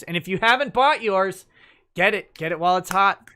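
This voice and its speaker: A bright, fairly high-voiced man hosts a casual livestream talk show. He reads viewer chat messages aloud, replies in an easygoing way and laughs often. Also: moderate pace.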